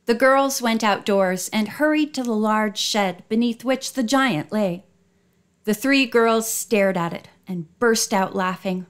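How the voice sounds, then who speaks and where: A woman narrating an audiobook with clear, steady storytelling. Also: on the high side, measured pace.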